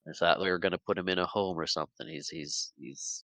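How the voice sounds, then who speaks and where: Male podcast co-host, lower voice, bright tone, animated movie recap on a dry mic. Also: a little fast, no room sound, low-quality recording. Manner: animated retelling, acts out character lines with laughs. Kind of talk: casual movie recap chat.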